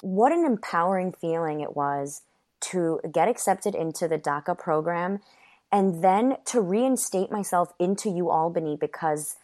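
A woman's voice: lowish voice, darkish tone. A woman who was born in Ecuador and raised in New York, telling her life story as an interview guest. She speaks earnestly and fills her talk with "you know" and "like.".

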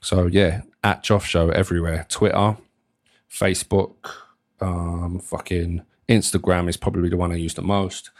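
A man's voice: low voice, level tone, normal speed, dry recording, studio quality. A young man hosting a solo podcast, rambling casually, swearing freely and often restarting his sentences. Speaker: podcast host.

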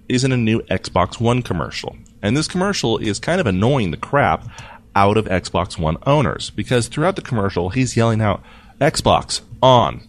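A man hosting a casual tech news podcast, jokey and quick to laugh as he runs through the stories. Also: on the low side. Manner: jokey, animated, laughs often. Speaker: podcast host.

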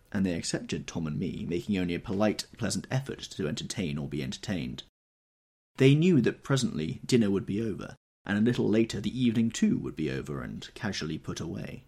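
A man narrating an audiobook in an expressive, measured storytelling manner. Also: low-pitched, gravelly, slightly rough.

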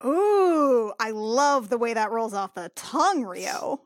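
A woman's voice: fairly high pitch, expressive, slow. A woman playing a tabletop game, bubbly and enthusiastic in casual chat. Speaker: player.

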